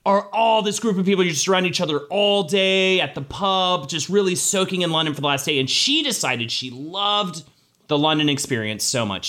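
Bright, animated man telling sweary anecdotes. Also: on the high side. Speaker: podcast co-host. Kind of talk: casual gossip chat.

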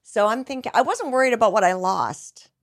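A woman's voice: on the high side, expressive, a little fast, no echo, studio quality. A middle-aged woman singer talking earnestly as a podcast guest, reflective, with frequent restarts and some stretched-out words. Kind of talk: candid conversational interview.

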